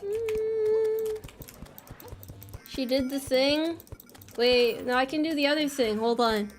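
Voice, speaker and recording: High-voiced playful American woman streamer. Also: normal speed, soft background music. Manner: playful, self-mocking, reads chat messages aloud. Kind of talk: casual live-stream chat while gaming.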